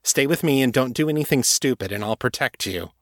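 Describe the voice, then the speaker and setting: A man's voice: mid-range voice, animated, brisk, fairly bright tone, dry recording, clean studio sound, natural voice. A man voicing a tough woman investigator in an audiobook, giving curt, commanding orders in a slightly lifted voice.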